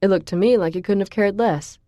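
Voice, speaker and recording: A woman's voice: mid-range voice, a little fast, warm tone, no echo, studio quality, close to an everyday voice. A woman voicing a large, protective young college man who teases bluntly and speaks matter-of-factly, in an audiobook. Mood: teasing. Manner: blunt, teasing, matter-of-fact. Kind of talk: audiobook character voice.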